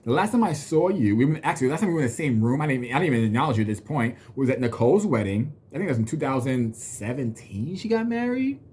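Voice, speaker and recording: A man's voice: medium pitch, sing-song, quick pace, hardly any pauses, a little mellow, slight background noise. A man in his thirties telling a personal story in a blunt, profane, venting way. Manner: blunt and profane, venting, slips into mocking quoted voices. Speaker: vlogger. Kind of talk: casual storytelling rant to camera.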